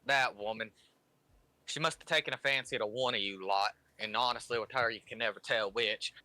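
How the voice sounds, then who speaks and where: A man voicing a blunt male dwarf blacksmith with a gruff country accent. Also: medium pitch, a little fast, bright, forceful tone, no room sound, voice pushed down.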